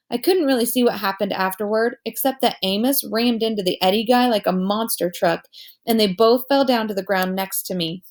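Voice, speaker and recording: A woman reading a children's novel aloud as narrator, telling it in a lively way and giving each character a voice. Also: medium pitch.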